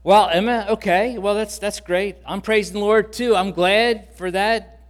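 A man preacher voicing a jovial, slightly cocky male pastor in a sermon story, brisk and good-humored. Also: high-pitched, fairly even intonation, pitched above the performer's own voice. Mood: cheerful.

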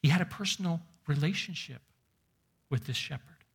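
Man, preacher, sermon, slightly high voice, emphatic, hushed stresses. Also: vocal fry, slightly rough. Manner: emphatic, slows and drops to near whisper for stress.

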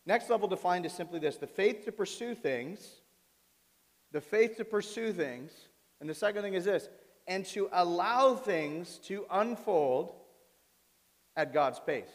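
A man preaching a sermon as pastor, animated, often turning to his congregation with questions. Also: high-pitched, measured pace. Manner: animated, asks the audience questions. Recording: reverberant hall.

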